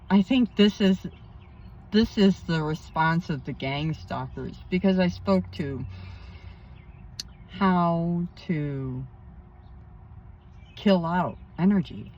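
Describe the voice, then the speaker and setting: Slow-talking woman rambling outdoors. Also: low-pitched, darkish tone, highs cut off, slight background noise. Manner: emphatic, rambling, indignant asides. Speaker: spiritual counselor. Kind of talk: rambling personal vlog. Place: outdoors by a pond.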